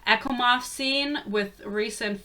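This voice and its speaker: Brief: bright-voiced young woman, sarcastic and chatty, casual book review rant. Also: on the high side, slow. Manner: sarcastic, swears freely, chatty.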